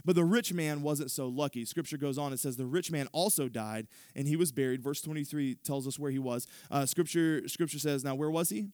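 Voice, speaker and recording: A man's voice: fairly high pitch, brisk, few pauses, no echo. Restart-prone male preacher, dry sound. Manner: animated storytelling with many restarts. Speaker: pastor. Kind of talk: sermon.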